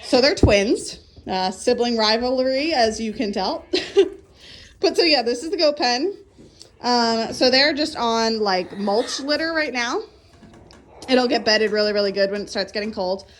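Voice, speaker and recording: Young woman, farm-tour vlogger, slightly high voice, chatty and upbeat, a bit breathless on a phone mic with faint outdoor noise. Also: expressive, a little slow. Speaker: farm owner giving a tour. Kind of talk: casual walking tour vlog.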